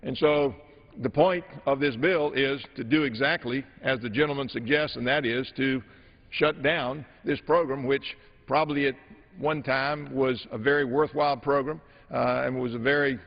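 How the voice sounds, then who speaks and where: A man managing a floor debate as a legislator, speaking in a measured, halting way with many filler pauses. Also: mid-range voice, creaky. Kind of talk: formal floor debate speech. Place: large legislative chamber. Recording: dull audio in an echoing chamber.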